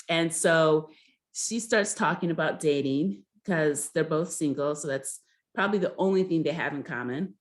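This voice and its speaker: A woman's voice: low voice, normal speed. A young woman casually recapping a reality show episode, chatty and hesitant, with frequent ums and restarts. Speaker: recap host.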